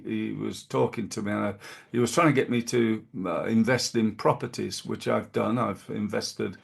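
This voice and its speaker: A man's voice: on the low side, gravelly. A middle-aged British man hosting a podcast, talking through business advice casually, with lots of fillers and restarts. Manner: rambling, many fillers and restarts. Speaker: podcast host.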